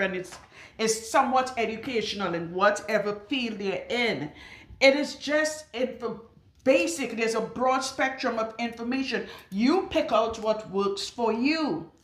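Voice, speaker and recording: A woman's voice: a little high, fairly bright tone. A woman loctician talking bluntly and emphatically to camera while working on a client in her salon. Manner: blunt and outspoken; emphatic, with rhetorical questions. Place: her salon room with a radiator. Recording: roomy echo.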